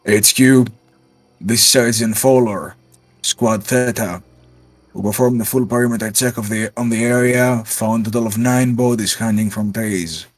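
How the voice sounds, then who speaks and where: Guy putting on a grizzled gruff sergeant, clipped radio report, lowish voice, faint music behind. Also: steady tone, normal speed, no room sound, close to an everyday voice. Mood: grim report. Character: grizzled male soldier, sergeant under fire.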